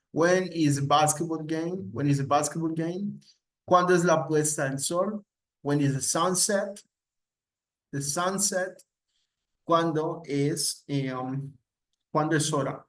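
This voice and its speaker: A man takes an English class through a grammar lesson. He speaks in an unhurried, drawn-out way and repeats every example sentence several times. His voice sits a little high for a man. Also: low-quality recording. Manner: slow, repeats each example several times, switches between English and Spanish. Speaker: English teacher.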